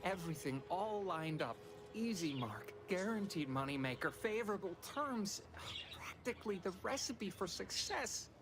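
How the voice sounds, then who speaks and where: A man's voice: high voice, big pitch swings, normal speed, music in the background. An actor playing a scheming, talkative corporate underling with folksy salesman patter in a video game. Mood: wheedling.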